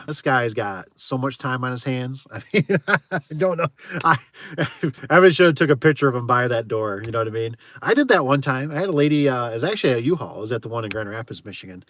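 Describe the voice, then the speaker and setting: A man's voice: medium pitch, animated, fairly quick, a bit bright. A man who runs a garage door repair business, chatting casually with viewers on a livestream, laughing often and tossing in frequent exclamations.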